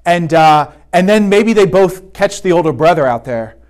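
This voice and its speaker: A man's voice: sits high, lively intonation, moderate pace, darkish tone. A man giving a conversational sermon at a retreat, often checking in with "right?". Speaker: retreat speaker. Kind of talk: sermon talk.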